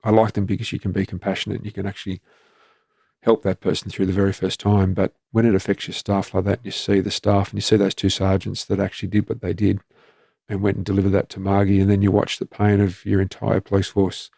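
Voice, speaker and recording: A man's voice: deep voice, monotone, quick pace, creaky, mellow, no room sound, clean studio sound. A man in his fifties with an Australian accent, a former police commander telling frank stories in a plain-spoken conversational way. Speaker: retired police commander and guest. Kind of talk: candid conversational storytelling.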